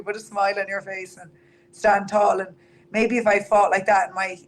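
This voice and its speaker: A woman's voice: medium pitch, flat delivery, normal speed, slight background noise, poor audio. A young Irish woman, a fighter interviewed about her career, talking candidly with lots of "like". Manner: candid, chatty, fillers of "like". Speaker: MMA fighter guest.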